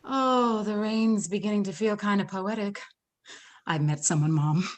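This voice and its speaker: A woman's voice: medium pitch, measured pace, lightly acted. A woman with an American accent reading a shy but talkative young American woman in a live play reading, rambling and self-deprecating. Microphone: video call.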